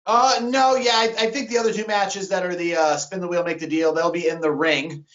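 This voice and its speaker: A man's voice: high-pitched, steady tone, fairly quick, fairly bright tone. A man co-hosting a wrestling podcast, chatting casually, steering the topics and asking his co-host questions. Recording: lo-fi sound.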